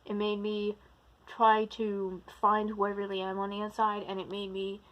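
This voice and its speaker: A woman talking alone to her camera in a casual vlog, drifting into a playful put-on British-like accent. She rambles and trails off, loses her thread and circles back. Her pitch sits at an ordinary middle height for a woman. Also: monotone, moderate pace, highs cut off. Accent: slipping into a put-on British-like accent. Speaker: vlogger, practicing witch and druid. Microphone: camera recording herself.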